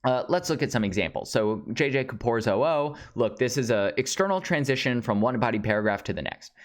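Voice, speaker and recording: A man's voice: mid-range voice, expressive, brisk. A man teaching speech writing in a casual, conversational lecture over slides, with frequent fillers. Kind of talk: instructional lecture.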